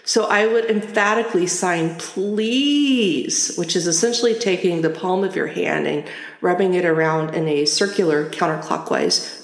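A middle-aged woman tells stories on her own podcast in a low, conversational voice. Her delivery is reflective and grows lively as she relives scenes. The recording has a roomy echo around her. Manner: conversational, reflective and animated when retelling. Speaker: podcast host. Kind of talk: personal storytelling podcast.

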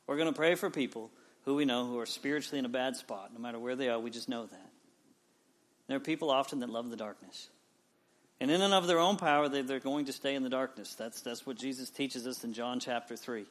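A man in his forties, a pastor, preaching a sermon and telling a personal story with lively swings from loud to quiet. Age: 40s. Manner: storytelling with wide swings in pitch and loudness.

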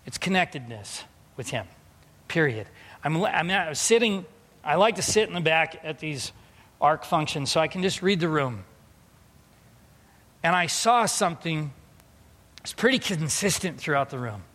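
A man in his thirties delivers a sermon in a high voice that carries through a large hall with a long trailing echo. He tells personal stories and moves between hushed, reflective passages and loud, emphatic exhortation. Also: expressive, measured pace, long pauses. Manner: storytelling, swinging between quiet reflection and loud emphatic preaching. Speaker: pastor.

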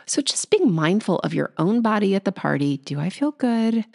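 A woman hosting a solo podcast about anxiety, talking quickly and acting out anxious inner thoughts. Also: medium pitch, sing-song, vocal fry, darkish tone. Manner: fast, tumbling, acts out anxious inner voices. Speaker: podcast host.

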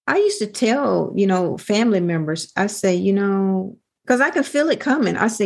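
A woman's voice: medium pitch, animated, moderate pace, vocal fry, few pauses. A woman co-hosting a podcast in casual chat, affirming with frequent "that's right" and "mm-hmm". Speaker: podcast co-host.

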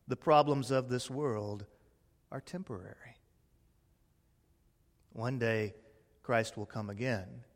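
A pastor, preaching a sermon with slow emphatic pauses and a hush at key lines. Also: male voice, a little high, in a large hall.

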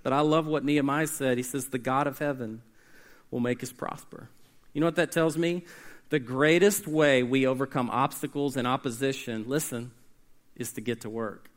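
A man preaching a sermon, swinging between hushed, slow stretches and loud, emphatic calls, and getting the congregation to answer back. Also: medium pitch, fairly even intonation. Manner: call-and-response with the congregation. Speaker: pastor.

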